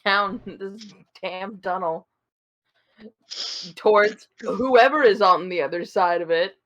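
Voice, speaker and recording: A woman's voice: medium pitch, bright, forceful tone. A woman playing a tabletop game, describing her actions hesitantly, with laughing asides. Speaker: player.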